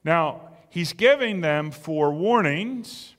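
A man's voice: fairly high pitch, animated, takes it slowly, a bit bright, in a large hall. A man preaching a sermon in an emphatic, conversational way, asking his listeners rhetorical questions. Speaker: pastor.

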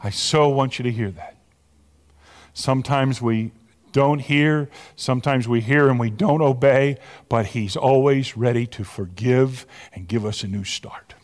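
Animated preacher in an echoing hall. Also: male voice, mid-range voice, measured pace. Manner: animated, repeats words when building to a point. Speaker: pastor. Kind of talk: sermon. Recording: long hall reverb.

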